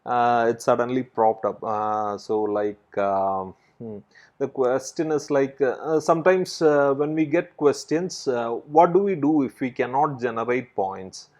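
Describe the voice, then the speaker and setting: A young man asks his teacher a question. He hesitates and fills his pauses with many uhs as he searches for words. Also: medium pitch, a little mellow. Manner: hesitant, full of uhs, addresses teacher as sir. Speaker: student.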